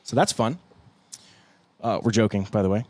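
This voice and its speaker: On his band's relaxed podcast, a young guitarist co-host jokes, laughs a lot, and mimics what others said. His fairly low, darkish voice has lively intonation at a normal pace, with no room sound.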